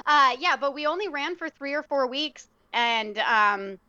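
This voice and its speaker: A woman with a fairly high voice and a sharp tone speaks as a guest in a casual conversation; she's a theater director and actor. She's reflective and a little halting, searching for words with plenty of ums. The recording is muffled, dull, and lo-fi.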